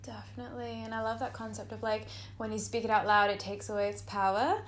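A woman's voice: medium pitch, little pitch movement, fast talker. A young woman, hosting a casual podcast chat, gushing and full of "like" fillers. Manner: chatty, gushing, many "like" fillers. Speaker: podcast host.

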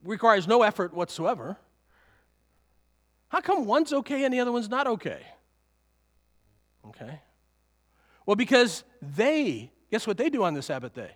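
A man's voice: high voice, sing-song, normal speed, long pauses, fairly bright tone, in a large hall. A male pastor preaching a sermon in a conversational way, full of rhetorical questions and chuckling asides.

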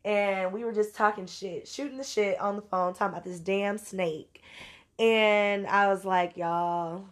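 A woman's voice: medium pitch, moderate pace. A woman from Louisiana with a Louisiana accent, telling a story casually and with salty language while acting out her own quotes. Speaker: vlogger.

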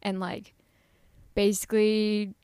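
A woman's voice: mid-range voice, little pitch movement, slow, mellow, clean tone, no echo, clean studio sound. A young adult woman co-hosting a podcast, chatting casually about a TV episode with lots of fillers. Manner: chatty, many fillers like "like" and "basically". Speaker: podcast co-host. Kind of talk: casual chat recapping a TV show.

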